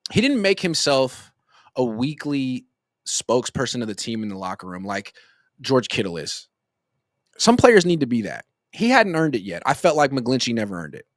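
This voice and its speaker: A man's voice: mid-range voice, dry recording, clean studio sound. A man in his thirties giving casual sports commentary as a rambling, joking storyteller. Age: 30s.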